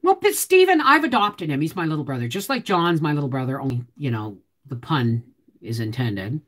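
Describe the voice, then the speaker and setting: A woman's voice: sits low, sing-song, fairly quick, a bit bright. A woman hosting a live stream from home, chatting with viewers in a chatty, teasing way and answering their comments. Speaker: homestead channel host.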